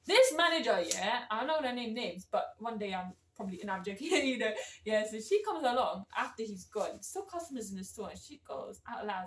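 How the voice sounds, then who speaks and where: Young woman, rapid slangy vlog chat, roomy echo, off-mic. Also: a little high, recorded from a distance. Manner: animated storytelling, slangy, quotes people. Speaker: vlogger. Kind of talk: casual chat.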